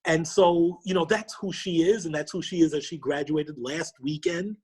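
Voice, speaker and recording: A middle-aged man from New York, a podcast guest, telling a personal story with lively quoted dialogue. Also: fairly high pitch, normal speed, breathy edge. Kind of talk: storytelling interview.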